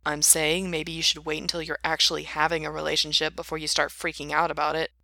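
Woman reading as a patient, dry-witted younger brother, calm and matter-of-fact, low and bright. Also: fast talker, creaky, dry recording, full character voice.

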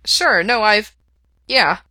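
A playful, eager young man who stumbles over his words, put on by a woman reading a story. The voice is bright and crisp, recorded close and dry. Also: medium pitch, animated, no room sound, pitched above the performer's own voice. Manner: halting, eager, raised and louder than the narration.

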